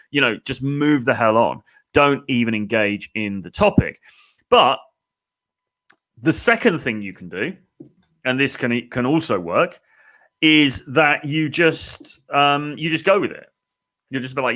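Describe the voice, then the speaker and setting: A man's voice: mid-range voice, expressive, moderate pace, fairly bright tone. Chatty man giving dating advice. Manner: chatty, lots of "um" and "you know, okay?". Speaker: dating coach. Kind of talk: casual advice talk to camera.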